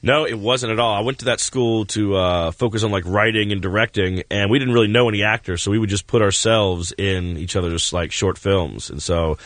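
A man being interviewed in a radio studio, relaxed and dryly self-mocking. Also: lowish voice, a little fast, hardly any pauses, dry recording. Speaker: guest actor and filmmaker.

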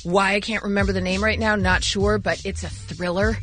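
A woman's voice: medium pitch, faint music behind. A woman co-hosting a radio show, chatting casually and laughing easily. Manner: chatty, animated, quick to laugh.

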